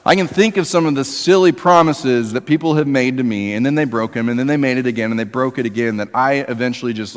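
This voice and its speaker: Guy preaching a sermon in church, talks to the congregation like a chat, goes loud then really quiet, big echoey hall. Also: normal speed. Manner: conversational preaching, swinging between emphatic highs and quiet lows. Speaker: pastor. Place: church sanctuary. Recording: long reverb of a church hall.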